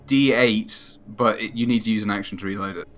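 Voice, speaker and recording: A man's voice: fairly low pitch, steady tone, fairly bright tone. A man running a tabletop game as game master, talking loosely and joking with his players. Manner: loose, rambling, quick to joke.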